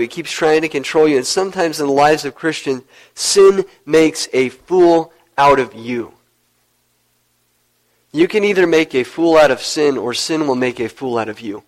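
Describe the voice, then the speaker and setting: A man preaching a sermon as pastor, telling a story earnestly and dropping low to stress his points. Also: poor audio.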